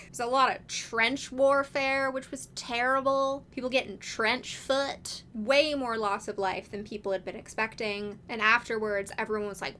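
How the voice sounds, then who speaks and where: A woman's voice: a little high, moderate pace, hardly any pauses, sharp tone. A woman hosting a casual video essay, talking in a chatty, wry way with lots of casual fillers.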